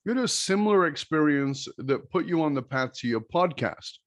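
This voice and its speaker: A man's voice: a little high, expressive, moderate pace, no echo. A man hosting a podcast interview, asking questions and adding dry joking asides. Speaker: podcast host.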